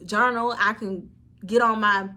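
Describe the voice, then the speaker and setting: A woman's voice: a little high, fairly even intonation, a little slow, pushed and bright. A woman, telling a candid storytime vlog and talking straight to her viewers with earnest, preachy advice. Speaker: vlogger.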